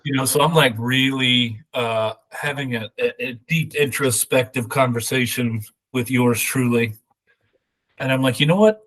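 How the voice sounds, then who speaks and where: A man co-hosting a podcast who talks in an excitable, impulsive, blunt way. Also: mid-range voice, measured pace, low-quality recording. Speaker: podcast co-host. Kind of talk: casual chat.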